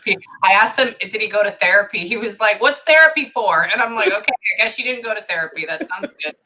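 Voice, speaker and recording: A woman's voice: medium pitch, quick pace, sharp tone. A woman giving a psychic reading to a client, thinking aloud and stopping herself with "hang on" over and over. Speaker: psychic medium.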